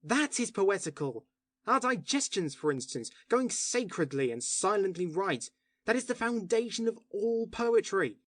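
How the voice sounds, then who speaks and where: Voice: medium pitch, lively intonation, unhurried. A reader voicing a passionate male poet who argues with fervent oratory, in audiobook dialogue. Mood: impassioned. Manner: impassioned, oratorical arguing.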